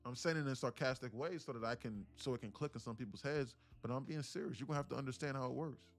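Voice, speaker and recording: A man's voice: fast, soft background music. A man hosting a day-trading livestream, talking casually with slang and acting out little scenes, then dropping to a mutter over the chart. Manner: animated, acts out little scenes with voices, slangy; drops to a low mutter when reading the chart.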